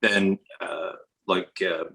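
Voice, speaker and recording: A man's voice: low-pitched, steady tone, slow, creaky, pushed and bright, rough recording. A man from the US, an actor guest on a podcast, talking in a digressive way with many restarts. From Westchester, New York, US. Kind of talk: casual podcast conversation.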